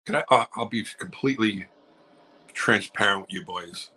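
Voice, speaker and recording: Bright-voiced New comedian telling stories. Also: male voice, fairly low pitch, normal speed, slightly rough, low-quality recording. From New York. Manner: animated storyteller acting out other people's lines. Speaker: comedian guest. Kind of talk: casual podcast chat. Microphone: video call.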